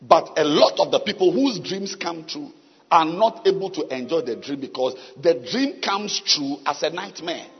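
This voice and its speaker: A man preaching a sermon, with long pauses and sudden shouts. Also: fairly high pitch, expressive, breathy edge. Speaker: pastor. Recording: dull sound with long hall reverb.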